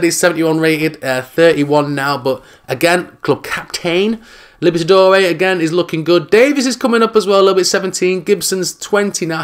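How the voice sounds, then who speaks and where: A man with a fairly high voice talks casually over his football video game. He is jokey and excitable, and he yells when a chance or a goal comes along. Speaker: gaming YouTuber. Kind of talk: casual gameplay commentary.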